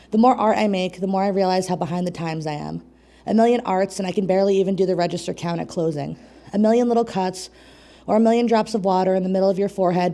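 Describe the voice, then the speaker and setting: A woman's voice: on the low side, gravelly, mellow. A young woman, a poet and co-host, reading at an open mic in a small community venue. She sounds out of breath and nervous, with chatty laughing asides. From New York State.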